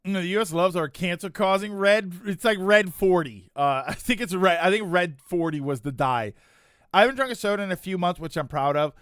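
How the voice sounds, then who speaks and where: Chatty man, high and dry. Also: brisk, fairly bright tone, clean tone, no echo. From United States. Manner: rambling, self-correcting, chuckling asides. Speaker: streamer chatting with viewers. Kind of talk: casual chat reading chat comments.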